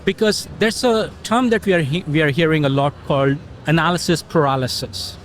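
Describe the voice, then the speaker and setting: A middle-aged man as an interview guest, explaining things in a relaxed conversational way and telling stories with quoted dialogue. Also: a little high, brisk, slight background noise. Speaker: interview guest, technology consultant.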